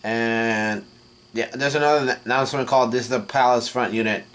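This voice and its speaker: Male vlogger, mid pitch, halting read-through recap, frequent restarts. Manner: halting, full of restarts and fillers, reads quoted lines flatly. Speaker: manga reaction vlogger. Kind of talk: casual recap while reading.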